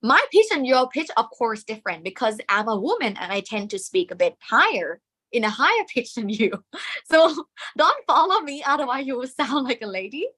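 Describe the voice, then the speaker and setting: A woman's voice: on the high side, sing-song, normal speed, sharp tone. A woman with a Thai accent teaching Thai tones in a live online lesson, often checking in with "okay?" and singing syllables to demonstrate.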